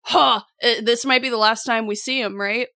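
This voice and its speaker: A woman's voice: fairly high pitch, steady tone, normal speed, pushed and bright, no echo, clean studio sound. A woman playing her part in a tabletop role-playing game, playful and teasing. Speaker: player.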